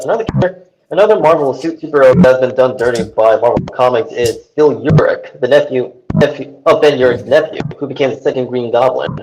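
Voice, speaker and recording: A man's voice: medium pitch, darkish tone, a little hiss or hum, rough recording. A man joining a live stream through a tablet microphone, chatting casually and hesitantly, repeating his words. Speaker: stream participant.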